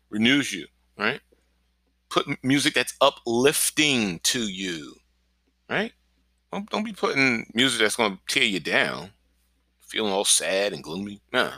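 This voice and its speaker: A male pastor giving an encouraging podcast sermon, energetic and often checking in with "right?". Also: medium pitch, dry recording. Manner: energetic, keeps asking "right?".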